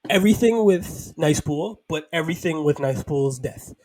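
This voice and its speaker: A man co-hosting a podcast, chatting excitably about a film, swearing freely and laughing often. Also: a little high, moderate pace, a little hiss or hum. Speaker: podcast co-host. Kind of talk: casual film review chat.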